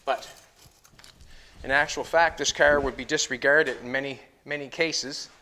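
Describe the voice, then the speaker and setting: A man's voice: medium pitch, fairly even intonation, unhurried, pushed and bright, a little hiss or hum. A middle-aged man building a car in his garage, rambling and thinking aloud to the camera as he fits and tacks metal. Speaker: car builder and show host. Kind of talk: casual shop talk while working. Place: garage workshop.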